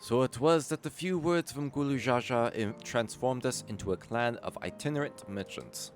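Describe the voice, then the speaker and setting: A man reading the lines of a small, formal storyteller from a merchant clan, measured and solemn. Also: mid-range voice, faint music behind, pitched above the performer's own voice, lightly acted. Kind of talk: reading game dialogue aloud.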